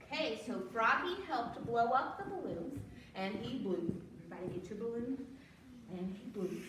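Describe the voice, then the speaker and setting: A woman reading a storybook aloud to children at the library, animated and encouraging them to join in. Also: fairly high pitch, normal speed. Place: library room. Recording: echoey room from far off, noisy.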